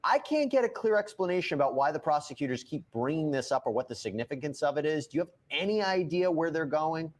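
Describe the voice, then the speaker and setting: A man hosting a live news commentary show, animated and quick, often jumping in over his guest. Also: a little high.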